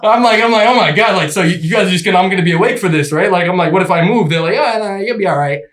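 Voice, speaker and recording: A young man telling a long story in casual chat, animated and laughing, acting out the people in it. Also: high-pitched, very fast. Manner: animated, acts out voices in his story, laughs often. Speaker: podcast guest telling a story.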